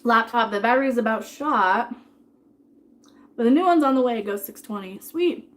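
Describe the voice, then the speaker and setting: A woman's voice: fairly high pitch, lively intonation, normal speed. Chatty woman streamer eating on stream. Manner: chatty and rambling, thanking viewers, talking with food in her mouth. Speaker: live streamer. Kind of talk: casual live-stream chat while eating.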